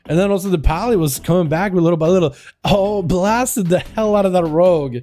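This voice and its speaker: A man streaming live, commentating game duels in an excitable, chatty way and talking to his chat. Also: high-pitched, brisk, faint music behind.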